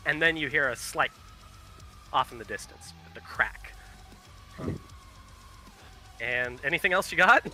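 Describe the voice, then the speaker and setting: A man narrates a tabletop battle as game master in a casual style, swearing and laughing. His voice is very bright and sharp. Faint music plays behind him. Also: mid-range voice, lively intonation, unhurried, pauses often.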